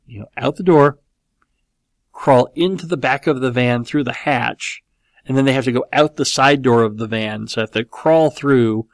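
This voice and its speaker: Host, male, 40s, gravelly: chatty parent spinning an animated anecdote, dry studio feel. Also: mid-range voice, dry recording. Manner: rambling, animated, with many fillers and restarts. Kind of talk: casual storytelling.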